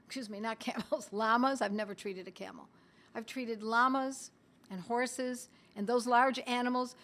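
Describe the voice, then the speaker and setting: A middle-aged woman teaching on a live stream in a chatty way, talking straight to her viewers and reading their comments aloud, with the odd cough and throat clearing. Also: on the high side, fairly even intonation, normal speed, a bit bright. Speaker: homeopathy educator hosting a live stream.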